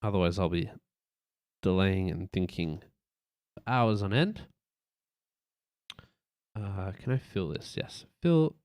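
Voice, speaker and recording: Low-voiced man thinking aloud while designing. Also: slow, pauses often, a little mellow, no room sound, clean studio sound. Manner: thinks aloud, loose and rambling, with playful sound effects. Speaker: streamer building a website. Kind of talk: casual live-stream commentary while working.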